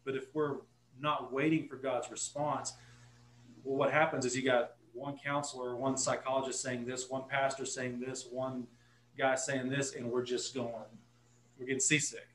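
A man's voice: mid-range voice, little pitch movement, normal speed, a bit bright, reverberant, slight background noise, rough recording. A man with a Texan accent, a guest pastor telling a story in casual podcast talk, earnest and correcting himself as he goes.

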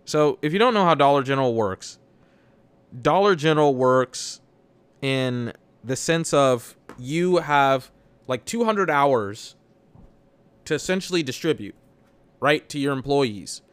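A man's voice: mid-range voice, animated, a little slow, smooth. A young man hosting a solo podcast, ranting about his job in a profane, exasperated, rambling way. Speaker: podcast host. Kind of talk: solo venting rant.

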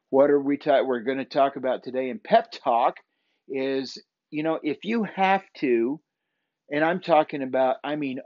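A man hosting a podcast, giving an earnest faith-based pep talk, repeating himself and halting with many fillers. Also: mid-range voice, no room sound, dull audio. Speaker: podcast host.

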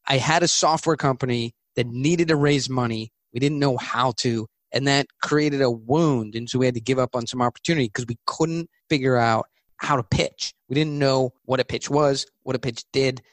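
A male author from California, talking as an interview guest and telling animated anecdotes. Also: medium pitch, no room sound. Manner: animated, anecdotal, quick asides. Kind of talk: conversational interview storytelling.

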